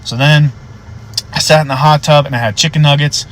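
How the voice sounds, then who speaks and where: Young male officer, storyteller, profane and animated. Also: a little fast, rough recording. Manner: animated, swears freely, voice jumps high when excited. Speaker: police officer.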